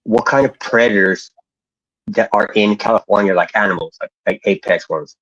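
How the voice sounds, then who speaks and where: A man's voice: on the low side, normal speed, a bit bright, no echo, highs cut off. A man chatting casually into earphones, stumbling and restarting his questions and swearing offhand. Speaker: streamer. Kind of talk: casual chat.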